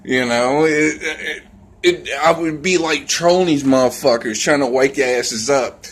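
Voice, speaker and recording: A man's voice: fairly high pitch, a little slow, slight background noise. A man ranting in a casual vlog, rambling and scornful, swearing constantly. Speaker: vlogger.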